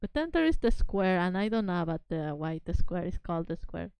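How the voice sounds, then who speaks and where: A VTuber whose first language is Spanish chats casually during a live stream from home, excitable and giggly and quick to apologize. Her lowish voice has a clean tone, and she speaks a little fast. No room sound comes through.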